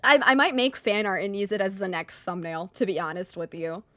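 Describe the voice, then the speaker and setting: A woman's voice: mid-range voice, lively intonation, fairly quick, a bit bright, no echo, clean studio sound. A woman streamer chatting casually over a game, gushing with squealing exclamations and rambling, self-correcting sentences.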